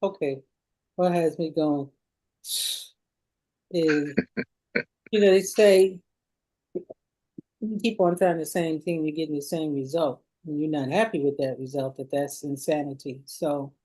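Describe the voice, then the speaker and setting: Low, mellow-voiced woman panelist. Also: a little slow, pauses often, low-quality recording. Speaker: talk show co-host. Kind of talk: panel discussion.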